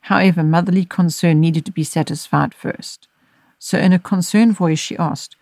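A woman podcast host reading a short story aloud in a measured, gentle way. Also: on the low side, steady tone, no room sound. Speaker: audiobook narrator and podcast host. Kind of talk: scripted story narration.

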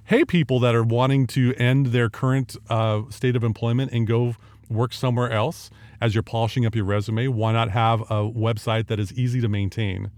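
A man's voice: mid-range voice, steady tone, normal speed, a little mellow, dry recording, studio quality. A man hosting a casual podcast, talking in a chatty, jokey, folksy way. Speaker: podcast host.

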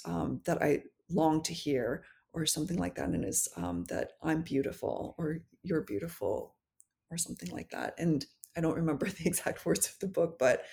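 A woman speaking as a podcast guest, in a low voice. She talks in a reflective, candid way and sometimes restarts as she hunts for the right words. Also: a little mellow. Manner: thoughtful, candid, searching for words. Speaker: podcast guest, memoir author. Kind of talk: reflective conversational interview.

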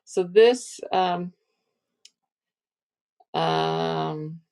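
A woman's voice: sits low, very slow, creaky, dark tone. A middle-aged woman co-hosting a podcast in casual chat, reading phrases aloud with a sarcastic spin. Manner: sarcastic, reads phrases with mock inflection. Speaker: podcast co-host.

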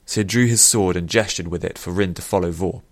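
Brief: low male narrator, steady and measured, dry close sound, fantasy audiobook. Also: no room sound.

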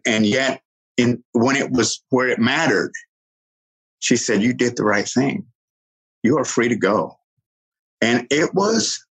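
A middle-aged man earnestly telling a personal story, halting and restarting, quoting others in lively voices. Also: mid-range voice, husky, poor audio.

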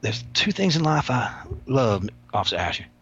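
A man's voice: mid-range voice, sing-song, normal speed, fairly bright tone, breathy edge, heavily acted. A man voicing an older male inmate, a wisecracking granddaddy type, in a drawling, teasing way, on a dull lo-fi recording. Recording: dull lo-fi sound.

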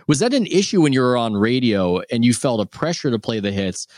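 A man's voice: lowish voice, a little mellow, dry recording, clean studio sound. A male host asking long, effusive questions and praising his guest's work. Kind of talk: interview questions.

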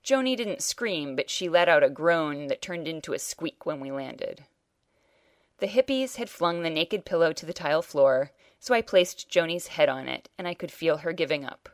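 Wry woman reader of literary fiction, low voice, close and dry. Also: lively intonation, moderate pace, no echo. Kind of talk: first-person short story reading.

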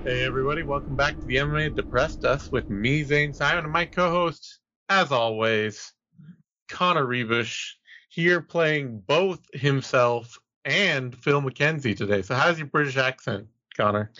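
A man's voice: medium pitch, a little slow, sharp tone, dull audio. A man hosting a podcast in casual banter, joking and trailing off mid-thought. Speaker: podcast host.

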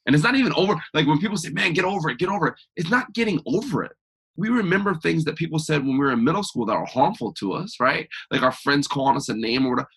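A man with a slightly husky, breathy voice speaks as a guest in a conversational interview. He talks with energy and emphasis, pushing his motivational points hard. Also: a little high, expressive, fast, fairly bright tone. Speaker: podcast guest, author.

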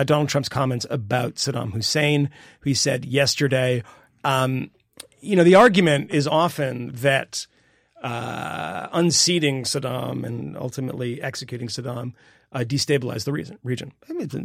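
Gravelly, emphatic middle-aged man. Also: dry recording, studio quality. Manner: rambling and emphatic, with sudden jumps in pitch. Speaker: podcast co-host. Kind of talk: casual political podcast chat.

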